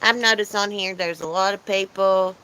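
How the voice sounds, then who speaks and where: A woman's voice: medium pitch, fairly even intonation, normal speed, bright, forceful tone, clean tone, rough recording. A woman hosting a casual livestream chat from her porch, teasing and reading comments aloud. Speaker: channel host. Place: porch outdoors.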